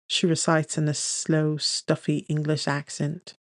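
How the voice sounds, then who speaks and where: A man narrating a first-person romance audiobook in a gentle, unhurried storytelling manner on a close studio mic. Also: fairly high pitch, little pitch movement, no room sound.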